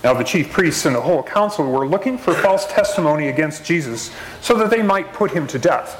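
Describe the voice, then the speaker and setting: A man reading scripture aloud in a measured, steady way as a lay reader in church. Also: a little high, reverberant, slight background noise, rough recording. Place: church sanctuary.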